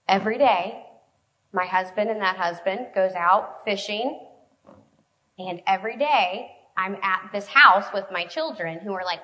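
Bright, lively woman preaching. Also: mid-range voice, rough recording. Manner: conversational and storytelling, quick shifts in loudness. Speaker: preacher speaking to a women's group. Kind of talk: sermon.

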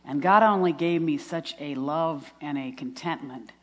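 The recording, full of long hall reverb, captures a middle-aged women's retreat speaker in an earnest testimony sermon where she quotes scripture and pokes fun at herself. Her voice is low and unhurried, with hardly a pause.

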